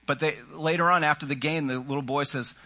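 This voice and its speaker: A man's voice: fairly high pitch, fairly even intonation, quick pace, pushed and bright. A man preaching a sermon in an earnest, conversational way, often voicing the inner thoughts of his listeners. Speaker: pastor.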